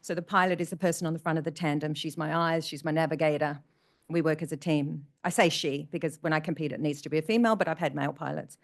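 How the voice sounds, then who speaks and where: A woman's voice: deep voice, fairly even intonation, quick pace. A middle-aged woman giving an emotional personal talk to an audience, repeating phrases for emphasis. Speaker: motivational speaker. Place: community event room.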